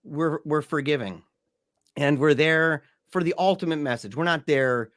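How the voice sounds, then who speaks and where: A man hosting a podcast in casual conversation, with a relaxed, rambling manner and many fillers. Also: on the high side, moderate pace, no room sound, clean studio sound. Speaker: podcast host.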